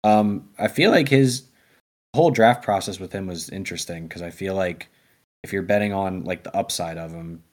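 A man's voice: low-pitched, normal speed. A young man co-hosting a podcast, chatting casually about football with many restarts and fillers. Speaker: podcast co-host. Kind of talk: casual sports chat.

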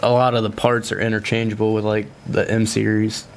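A man's voice: lowish voice, level tone, brisk, slight background noise. A man appearing as a podcast guest, giving short, terse answers in casual chat. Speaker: guest, truck racer.

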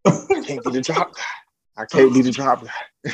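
A man's voice: mid-range voice, normal speed, breathy edge, rough recording. A young man chatting as a podcast guest about fatherhood, loose and laid-back, laughing often and acting out what people said. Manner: animated storyteller who acts out quotes in a raised voice. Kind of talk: casual interview chat.

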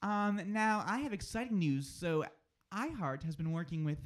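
A man's voice: sits high, lively intonation, normal speed. A man hosting a radio show, in playful, jokey chat that keeps slipping into silly country phrases, recorded in a studio. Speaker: radio host.

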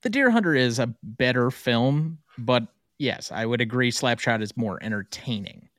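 A man hosting a casual movie podcast, briskly running the segments and breaks. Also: mid-range voice, lively intonation, a bit bright, no room sound, studio quality. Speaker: podcast host.

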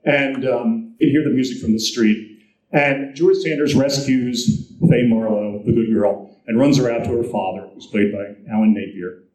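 A man's voice: medium pitch, steady tone, moderate pace, a little mellow. Man telling film stories in a roomy hall. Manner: storytelling, acts out quoted voices. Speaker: film historian speaker. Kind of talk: anecdotal talk to an audience.

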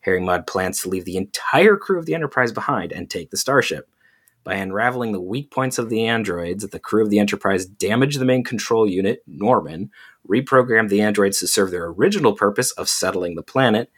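Husky low-voiced male podcast co-host. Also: expressive, fairly quick, a bit bright. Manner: rambling, frequent "like" fillers. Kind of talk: casual chat.

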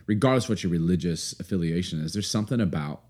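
A man in his forties speaks with a very low, mellow voice. He is a pastor, talking earnestly and unhurriedly on a podcast, with frequent fillers and restarts. He also reads a passage aloud in a calm storytelling manner. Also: fast. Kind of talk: casual podcast talk and scripture reading.

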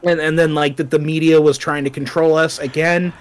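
A man's voice: fairly high pitch, little pitch movement, a little fast. A man co-hosting a casual podcast chat, talking loosely with many fillers and asides as he reads from his notes. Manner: chatty, lots of fillers and asides. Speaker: podcast co-host.

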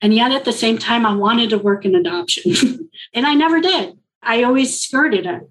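A woman from Colombia, a guest in an interview, earnestly and reflectively telling a personal story and quoting others in lively reported speech. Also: a little high, normal speed, low-quality recording.

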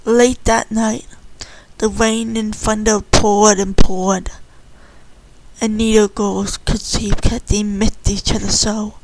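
A woman's voice: medium pitch, level tone, takes it slowly, background noise. A woman casually retelling a story in an informal way, correcting herself mid-sentence.

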